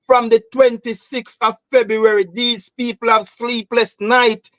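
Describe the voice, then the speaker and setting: A man's voice: very high voice, level tone, a little slow, a bit bright, dry recording, muffled recording. A Jamaican man hosting a political talk show, speaking passionately and emphatically in patois-laced English, often calling listeners "bro.". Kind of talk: heated political commentary.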